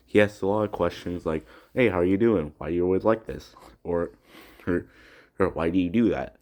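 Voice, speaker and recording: A teenage boy vents in an agitated personal vlog, his voice sitting very low. He often restarts his words and swears heavily as he goes. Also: brisk, a little mellow. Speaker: student vlogger. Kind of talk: upset personal vlog rant.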